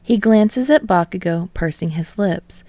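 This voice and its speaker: A woman reading fan fiction aloud as a podfic reader in steady, measured narration. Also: mid-range voice, dry recording.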